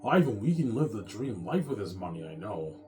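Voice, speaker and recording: A man voicing his demanding young wife, pushy and wheedling, over clearly audible background music. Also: fairly low pitch, very animated, fairly quick, dark tone.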